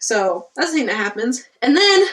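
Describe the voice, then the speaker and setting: Young female book reviewer, casual and exasperated, higher voice, slightly distant mic. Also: moderate pace. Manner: animated, exasperated retelling with frequent "like" and laughs. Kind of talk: casual chat.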